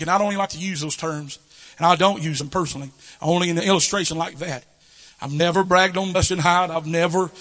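Kentucky preacher guy, real high and piercing voice, long reverb like a big church. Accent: Kentucky Southern. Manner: builds to shouted, chanting preaching. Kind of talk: revival sermon.

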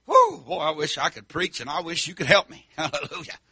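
A middle-aged man preaching a fiery country sermon, whooping and shouting, then dropping low and soft. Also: a little fast, breathy edge, no room sound.

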